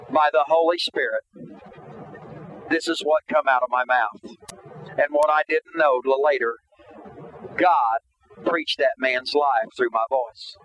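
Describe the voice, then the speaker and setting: A man's voice: a little high, a little slow, long pauses, fairly bright tone, a little hiss or hum, low-quality recording. A man preaching a testimony sermon, fervent and repetitive, building his emphasis as he goes.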